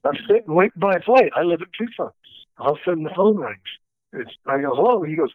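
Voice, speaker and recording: A man telling stories from his career as a stunt coordinator, animated and acting out the dialogue he quotes. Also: fairly high pitch, a little fast, no room sound. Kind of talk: storytelling interview. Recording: dry, tinny phone-like line.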